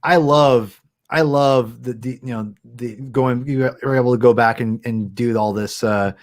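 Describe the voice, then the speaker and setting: A man hosting a casual stream, excitable and loose, using slang and stumbling over restarts. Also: medium pitch, measured pace. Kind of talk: casual chat.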